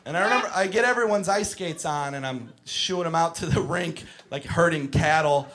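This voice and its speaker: A young man doing a stand-up comedy set, telling stories with animated, exasperated yelling and plenty of swearing. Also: a little high, normal speed. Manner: profane. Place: comedy club stage with audience. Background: audience laughter.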